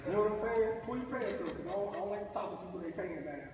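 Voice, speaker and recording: A motivational speaker, middle-aged and from Mississippi, US, addresses schoolboys in a school gym or hall with a colloquial, preachy anti-bullying message, leading call-and-response. His high voice is expressive and very fast. The recording is distant and echoey, with a noisy background.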